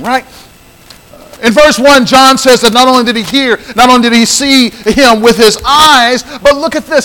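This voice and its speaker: Man, pastor, emphatic sermon, slow deliberate delivery, bright tense tone. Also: extremely high pitch, long reverb tail, low-quality recording. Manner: emphatic preaching with repeated phrases and audience call-outs.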